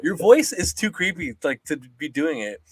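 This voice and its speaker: A young man co-hosting a casual podcast chat, animated and profane, often mocking people with quick impressions. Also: a little high, slight background noise. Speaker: podcast co-host.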